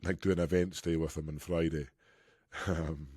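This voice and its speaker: A man with a very low voice co-hosts a podcast, chatting casually and rambling with plenty of laughs. The sound is dry and close, with little room in it. His talk stays loose and jokey. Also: little pitch movement, normal speed, mellow, breathy edge, dry recording. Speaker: podcast co-host.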